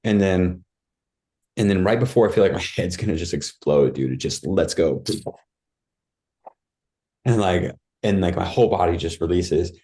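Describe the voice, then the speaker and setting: A man's voice: low voice, animated, moderate pace, long pauses, dark tone. A man guest on a podcast, telling a personal story in casual talk, acting out his own cries and thoughts and saying "dude" and "like" a lot.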